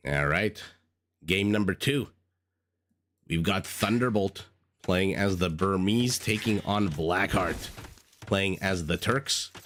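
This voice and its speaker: A man's voice: sits low, takes it slowly, pauses often, fairly bright tone, slight background noise. A man recovering from a cold, chatting through live game commentary, thinking aloud and greeting viewers. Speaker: game caster. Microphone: desk microphone.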